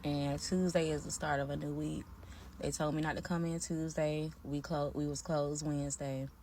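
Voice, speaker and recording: A woman with a very deep voice talks in a frustrated, weary way. A faint hiss of background noise sits under her words. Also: level tone, normal speed, darkish tone. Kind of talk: casual vlog rant.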